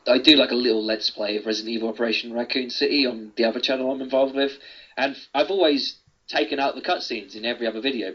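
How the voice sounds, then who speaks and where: A man's voice: mid-range voice, breathy edge. A man co-hosting a casual podcast, joking and laughing often. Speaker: podcast co-host. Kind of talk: casual chat. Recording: dull lo-fi sound.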